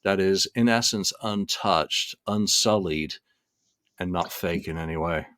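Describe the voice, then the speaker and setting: A man's voice: low-pitched, measured pace, a bit bright, clear, resonant tone, no room sound, clean studio sound. A man co-hosting a podcast in casual chat, wry and wordy, with emphatic phrasing. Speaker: podcast co-host.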